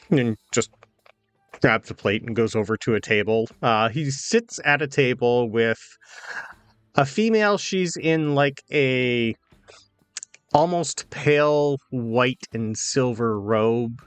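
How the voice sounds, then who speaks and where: Halting game master man, faint music. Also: medium pitch, clean tone, no echo. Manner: casual, halting with many fillers. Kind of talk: narrating a tabletop game.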